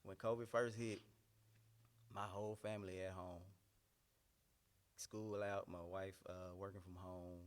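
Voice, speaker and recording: A man's voice: sits low, little pitch movement, a little slow, long pauses, clear, resonant tone. A man, a pastor and singer, telling an emotional personal story with earnest, repetitive emphasis. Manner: earnest, heartfelt, repeats phrases for emphasis. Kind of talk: candid, emotional personal testimony.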